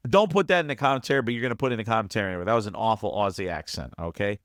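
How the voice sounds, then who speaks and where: A man's voice: mid-range voice, very fast, few pauses, fairly bright tone, no room sound, studio quality. A man giving casual review commentary as a guest, jokey and rambling, teasing himself. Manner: jokey, rambling, self-deprecating.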